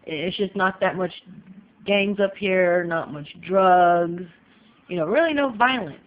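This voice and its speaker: A woman's voice: on the low side, a little slow. Woman from California, casual home vlogger, chatty and emphatic, muffled lo-fi sound. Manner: chatty, emphatic, leans on "you know". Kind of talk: casual opinion vlog. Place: home in Texas.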